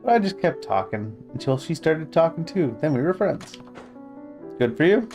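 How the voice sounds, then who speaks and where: A man's voice: on the high side, big pitch swings, moderate pace, a little mellow, soft background music, voice pushed up. A man voicing an earnest young boy in a game, reading his lines in a plaintive way. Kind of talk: reading game dialogue aloud.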